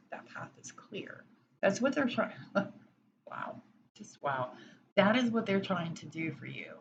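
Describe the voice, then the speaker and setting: Woman, oracle card reader, slow and gentle, reassuring, hesitant; muffled recording with audible noise. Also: fairly low pitch. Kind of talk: pick-a-pile card reading. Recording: dull lo-fi sound with background noise.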